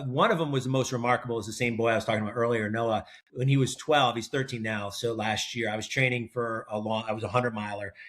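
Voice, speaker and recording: Middle-aged male interview guest, mid-pitched, easygoing storyteller with frequent fillers. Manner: relaxed storyteller, many ums and uhs. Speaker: guest, researcher and ultrarunner.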